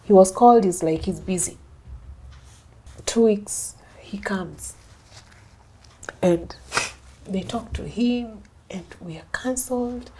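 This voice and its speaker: Husky-voiced Kenyan woman telling her story. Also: medium pitch, warm tone. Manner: mixes English and Swahili, acts out others' lines. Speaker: interview guest. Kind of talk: emotional personal storytelling.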